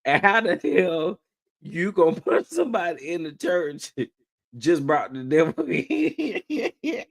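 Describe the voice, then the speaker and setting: A man giving reaction commentary in an unhurried, drawn-out delivery. His voice swings widely in pitch as he reacts with incredulity and keeps breaking into laughter. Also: big pitch swings, vocal fry. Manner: incredulous and amused, laughing often. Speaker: commentary host.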